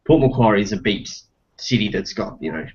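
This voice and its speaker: A man's voice: fairly low pitch, brisk, breathy edge. A man with an Australian accent chatting casually on a podcast, searching for words as he goes. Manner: searching for words, relaxed and thoughtful. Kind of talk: casual chat. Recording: dull lo-fi podcast recording.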